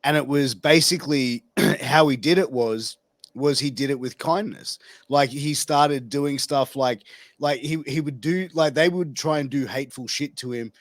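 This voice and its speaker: A man hosting a casual interview, telling stories in an animated way and swearing freely. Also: medium pitch, normal speed, no room sound. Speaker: podcast host.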